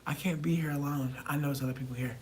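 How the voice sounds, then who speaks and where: A woman livestreaming while high on mushrooms, rambling and swearing as she talks to her chat and repeats herself. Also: steady tone, fast, slight background noise.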